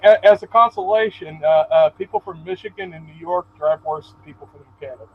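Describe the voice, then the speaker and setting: Slightly high-voiced stammering guest on a muffled call. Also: male voice, fast talker. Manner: laid-back, profane, stammering. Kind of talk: casual chat. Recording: muffled call audio with faint air-conditioner hum.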